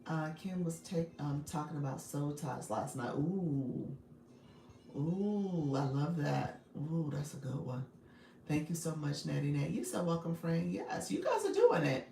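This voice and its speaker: This livestream coach and host has a deep, dark, gravelly voice, animated but a little slow. Upbeat and repetitive, she reads chat, laughs a lot and names viewers as she coaches. Her audio is reverberant and distant-miked, carrying a faint hiss or hum.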